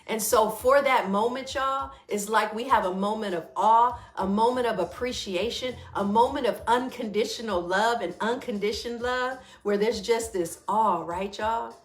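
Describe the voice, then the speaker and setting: A woman's voice: fairly high pitch, moderate pace, few pauses, reverberant. A middle-aged woman hosting a casual spoken reflection and guided practice, often checking in with her listeners. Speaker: wellness teacher and host.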